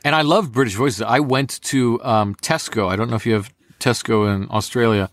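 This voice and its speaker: In a dry recording, a young man from the United States who works as a voice actor tells stories during a relaxed interview. He's an animated storyteller who keeps breaking into impressions, speaking at normal speed in a mid-range voice.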